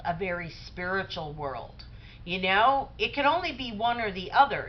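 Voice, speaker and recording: Middle-aged woman, conversational Bible talk, rambling storyteller, slightly muffled recording. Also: a little high. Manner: conversational storytelling with many fillers. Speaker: Bible teacher. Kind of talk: casual religious talk.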